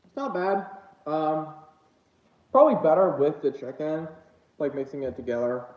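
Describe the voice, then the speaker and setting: A man rambles through an eating livestream in a slightly high, lively voice, full of ums and restarts and a little out of breath. The sound is dull and lo-fi, bouncing around an echoey room at home. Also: normal speed. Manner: rambling, hesitant, many fillers. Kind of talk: casual eating livestream chat. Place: home room with dogs nearby.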